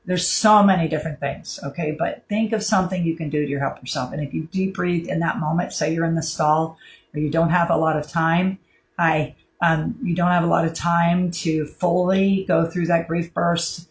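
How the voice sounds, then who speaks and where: A woman speaking to viewers about handling grief, in a gentle, rambling way with fillers and restarts. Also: low voice, low-quality recording. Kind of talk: casual spoken advice to camera.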